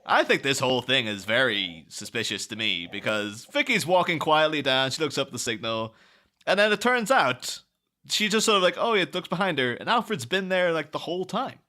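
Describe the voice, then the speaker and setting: A man co-hosting a casual film podcast, chatting in an animated way and dropping into quick silly impressions. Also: on the high side. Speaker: podcast co-host. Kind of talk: casual film-discussion chat.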